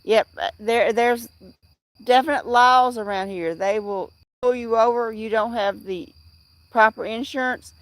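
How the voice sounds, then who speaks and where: A woman's voice: on the high side, a little slow, fairly bright tone, no echo. A middle-aged woman hosting a casual livestream, rambling with many fillers and restarts as she answers viewers in chat. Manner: replies to chat viewers by name. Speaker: livestream host.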